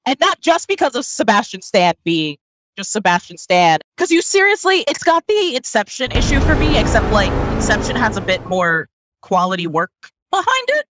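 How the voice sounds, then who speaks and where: A woman co-hosting a casual podcast, reviewing a movie in animated, laughing talk with many fillers. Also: a little high, moderate pace, poor audio. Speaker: podcast co-host.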